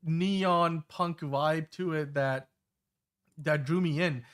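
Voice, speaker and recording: A man's voice: a little high, fairly even intonation, slow pace. A man in his thirties hosting a casual podcast chat, talking in a rambling way with many fillers and restarts. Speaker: show host.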